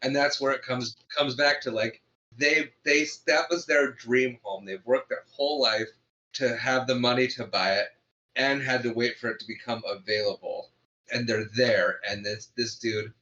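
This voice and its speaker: A man's voice: lowish voice, sharp tone, highs cut off. A man co-hosting a podcast, casually recapping a comedy film's plot and chuckling often. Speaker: podcast co-host. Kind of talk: casual movie review chat.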